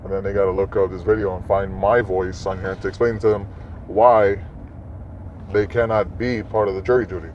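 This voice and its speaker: A man's voice: deep voice, level tone, brisk, darkish tone. A man hosting a podcast alone, rambling casually and talking straight to his listeners. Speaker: podcast host. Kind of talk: casual solo monologue. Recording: muffled lo-fi recording, faint noise.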